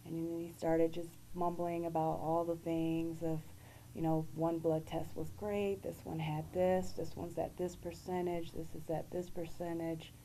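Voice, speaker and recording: A woman guest giving an earnest, halting personal testimony. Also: lowish voice, little pitch movement, dark tone, slight background noise, low-quality recording.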